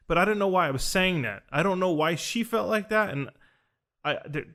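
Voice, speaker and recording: Rambling young man, fairly high voice. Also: lively intonation, brisk, a bit bright. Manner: earnest, rambling with many "like" fillers and restarts. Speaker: podcast host recounting a ceremony. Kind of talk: casual conversational storytelling.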